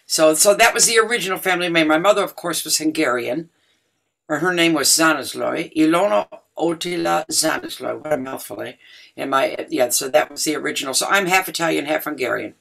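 Older woman, rock musician guest, raspy-edged and bright, warm storyteller with frequent laughs. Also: sits low, brisk. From Detroit, USA. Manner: chatty storyteller, laughs often. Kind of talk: casual interview chat.

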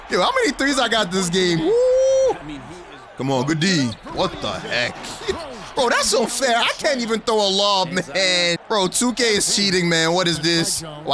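A young man giving excited commentary on his own basketball video game play, hyped and laughing at the plays, with game music behind him. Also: fairly high pitch. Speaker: gaming YouTuber.

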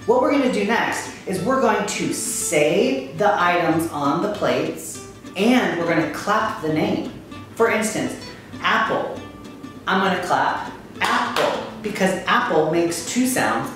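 A woman teaching a kindergarten music lesson, upbeat and encouraging, chanting words to a steady beat and calling on children to join in. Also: fairly low pitch, measured pace. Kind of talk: children's lesson, call and response. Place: kitchen. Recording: echoey room, mic far off.

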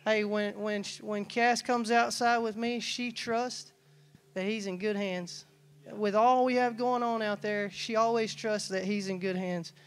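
A man's voice: high voice, steady tone, measured pace, clear, resonant tone. A man preaching a conversational sermon, telling personal stories in a loose, folksy way and often restarting his sentences. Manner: folksy, storytelling, acts out quoted dialogue; casual, loose, frequent restarts and asides. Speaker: church staff preacher.

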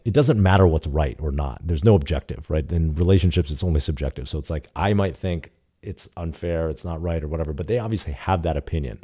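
A man in his thirties, a startup founder, casually retelling a story in an interview, acting out the dialogue with lots of "like". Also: a bass voice. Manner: casual, animated retelling with quoted dialogue and frequent "like".

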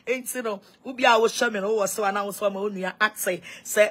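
A woman's voice: mid-range voice, fairly even intonation, fast talker, few pauses, a bit bright, slightly rough. A woman evangelist with a Ghanaian accent, making an emphatic, pleading appeal to her church members and viewers. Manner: mixes English and Twi, pleading and emphatic.

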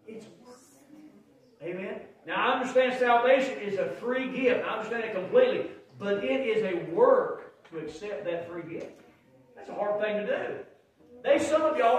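A man preaching a sermon as pastor, telling folksy stories and swinging from quiet asides to loud shouts. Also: very high-pitched. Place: church sanctuary. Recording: very echoey church hall, mic far off.

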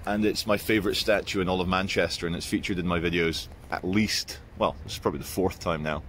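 A man filming a casual walking vlog on city streets outdoors at dawn with a handheld phone, telling stories in an animated, chatty way. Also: sits low, fast talker, a little hiss or hum. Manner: chatty, animated storytelling with quoted voices. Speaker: vlogger. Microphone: handheld phone camera.

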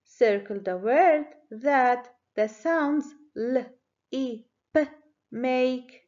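A woman teacher giving a children's phonics lesson, speaking clearly and encouragingly. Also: sits high, darkish tone, dull audio. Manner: slow, clear, encouraging classroom delivery.

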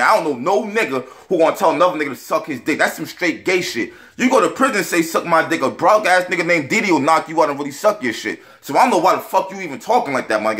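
Brash fast-talking man ranting. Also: fairly high pitch. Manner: brash, profane, animated ranting. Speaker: battle rap blogger. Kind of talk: ranting video response.

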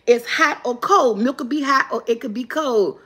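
A woman hosting a live guessing game, reading clues slowly and cheering loudly when viewers answer right. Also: on the high side, slightly rough. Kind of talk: casual live-stream chat.

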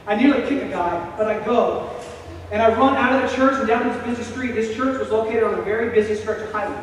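A young man delivers a story-driven sermon, throwing in shouted sound effects and acted lines. His voice sits high for a man. It comes from a distance through a long, ringing church-hall echo, with faint room hiss. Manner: animated, acting out a dramatic story with sound effects. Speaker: preacher. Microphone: self-recorded camera from across the room. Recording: echoey church hall from far off.

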